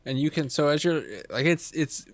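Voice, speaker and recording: A man's voice: fairly high pitch, fairly even intonation, normal speed, no room sound. A man running a tabletop game as game master, narrating in a chatty way with laughing asides.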